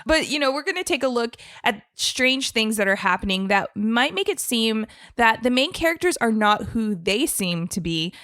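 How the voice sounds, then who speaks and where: A young woman hosting a gaming podcast, chatty and playful and quick to laugh. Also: a little high, lively intonation, fairly bright tone, no echo, clean studio sound. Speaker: podcast host. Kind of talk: casual gaming podcast chat.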